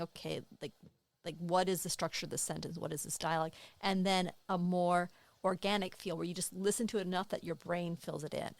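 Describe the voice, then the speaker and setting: A woman co-hosting a writing podcast, speaking thoughtfully and analytically in casual chat. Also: fairly low pitch. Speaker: podcast co-host.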